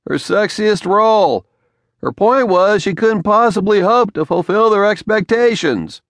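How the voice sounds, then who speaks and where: A male narrator voicing a patient young man who answers in dry, measured replies. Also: high voice, no echo, pitched above the performer's own voice.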